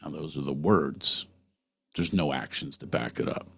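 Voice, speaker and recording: A man's voice: a bass voice, normal speed, creaky, fairly bright tone, slightly rough, dry recording. A middle-aged man hosting a podcast, talking earnestly through a personal monologue and putting questions straight to the listener. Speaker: podcast host.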